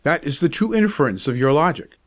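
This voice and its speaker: A man's voice: fairly high pitch, very animated, a little fast. A man reading aloud and voicing a courteous, mildly teasing father in a storybook tale. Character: genial, amused gentleman father.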